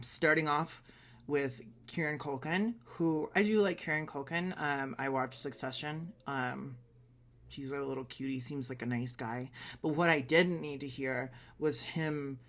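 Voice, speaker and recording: A man's voice: medium pitch, fairly bright tone. Blunt, opinionated man vlogging. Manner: swears casually. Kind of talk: casual reaction vlog.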